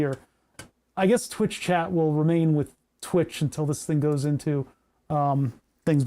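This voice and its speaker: A hobbyist streamer talks casually from a home workshop in a mellow, darker tone at a middling pitch. The talk wanders, full of ums, restarts and the odd swear word. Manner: rambling, with many fillers, restarts and casual swearing. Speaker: electronics livestream host. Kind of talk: casual livestream chat.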